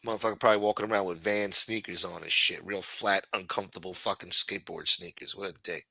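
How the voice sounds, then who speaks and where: A man's voice: sits low, fairly even intonation, quick pace, gravelly, pushed and bright. A man hosting a livestream, talking crudely and mockingly while reacting to his chat and thanking supporters. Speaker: livestream host. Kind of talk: profane casual commentary.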